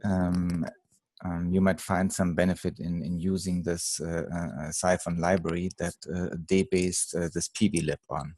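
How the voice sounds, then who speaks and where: A man with a German accent giving a comment in an online meeting, halting with many ums and uhs. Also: sits low, flat delivery, a little mellow, no room sound, clean studio sound. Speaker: meeting participant. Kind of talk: casual meeting talk.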